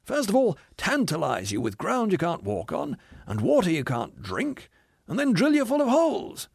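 Picture a hard-bitten ghost, bitter and cynical, who rants with a high, sharply swinging voice that keeps leaping up in scorn, as a man puts him on. The sound is close and dry, with no room around it. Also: wildly swooping pitch, normal speed, gravelly, husky, no room sound, exaggerated voice. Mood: sneering. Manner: sneering, scornful, ranting complaints.

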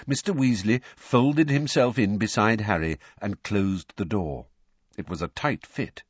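A man narrating a storybook in an expressive, even-paced way. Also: on the low side, measured pace, husky, dry recording, muffled recording. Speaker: audiobook narrator. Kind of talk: scripted narration.

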